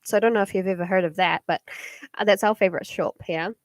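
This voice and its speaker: A woman's voice: mid-range voice, quick pace, no echo, clean studio sound. Chatty New Zealand woman on a livestream. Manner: rambling, many "like" and "um" fillers, giggly. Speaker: livestream card reader. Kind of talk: casual live-stream chat. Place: home at night.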